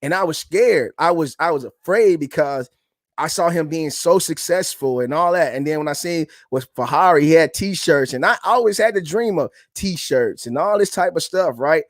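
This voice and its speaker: A man's voice: on the high side, moderate pace, no room sound, clean studio sound. A man in his thirties, a podcast co-host, telling a personal story in a casual, earnest and reflective way, often calling the listener "man".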